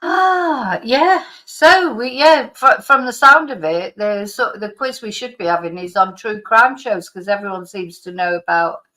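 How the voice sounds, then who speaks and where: A middle-aged woman with a lingering slight cough runs a live stream, chatting in a rambling, casual way as she reads comments from viewers, with plenty of restarts and laughs. Her medium-pitched voice is sharp in tone, measured in pace, and she barely pauses.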